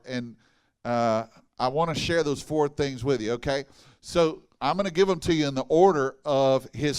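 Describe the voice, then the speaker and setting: A man with a drawl preaches to a church congregation in a fairly high voice. His delivery is folksy and animated, full of jokes and direct questions to the crowd. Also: clear, resonant tone. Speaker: pastor. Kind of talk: sermon. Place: church hall.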